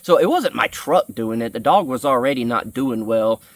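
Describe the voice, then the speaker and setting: A man's voice: mid-range voice, lively intonation, normal speed, no echo. Earnest young man telling a story. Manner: earnest, rambling with many fillers. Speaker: vlogger. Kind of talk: storytelling vlog.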